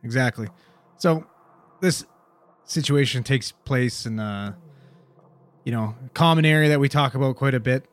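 A man's voice: medium pitch, normal speed, long pauses. A man, a paramedic, telling a story in casual chat, rambling and often asking "you know what I mean".

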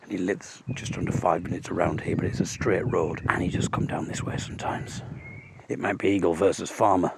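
A man's voice: deep voice, flat delivery, brisk, creaky, heavy background noise. A man rambling through a self-mocking comic monologue while walking outdoors along a road, full of jokey asides. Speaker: audio blogger.

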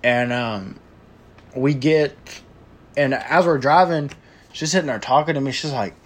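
Young man, casual storyteller, slangy and profane, rambling delivery, mid-pitched voice. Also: a little slow. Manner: slangy, profane, says "bro" constantly; rambling with filler and restarts.

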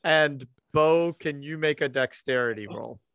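A man running a tabletop game as game master, narrating the scene in a measured, unhurried way. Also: on the high side, gravelly, fairly bright tone, dull audio, slight background noise.

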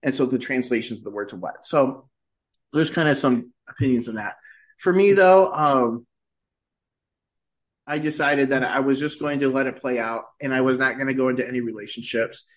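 A middle-aged man, a podcast guest, telling a personal story in casual conversation and lifting his voice when he quotes himself. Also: moderate pace. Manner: animated, shifts pitch when quoting himself.

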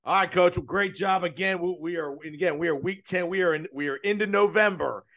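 Gravelly male sports radio host. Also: high voice, fairly quick, a bit bright. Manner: chatty, loose phrasing, restarts often. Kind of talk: radio talk show interview.

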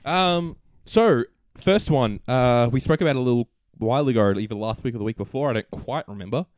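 A man's voice: mid-range voice, brisk, a little mellow, clear, resonant tone, dry recording, clean studio sound. A young Australian man hosting a casual gaming podcast, laid-back and joking. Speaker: podcast host.

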